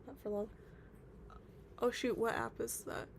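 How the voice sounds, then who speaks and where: A woman's voice: on the high side, flat delivery, a little slow, gravelly, a little hiss or hum. A woman streaming live, chatting casually and reading out viewer comments, with lots of filler words. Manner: chatty, reads chat aloud, many fillers. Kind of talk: casual livestream chat.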